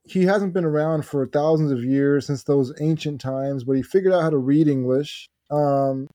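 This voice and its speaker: A man's voice: on the high side, moderate pace, mellow, no room sound. A man co-hosting a casual chat, asking questions and correcting plot details, with hesitant fillers. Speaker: podcast co-host.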